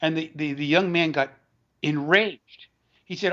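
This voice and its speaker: A man, an author and educator, tells a long story as an interview guest, halting often and restarting his words. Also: fairly high pitch, fairly bright tone. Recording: dull lo-fi recording.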